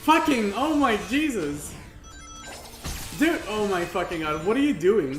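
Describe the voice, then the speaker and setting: A man streaming a video game, reacting with excitable yelps, laughter and frequent swearing. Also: high voice, measured pace, reverberant, soft background music. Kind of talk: live gameplay commentary.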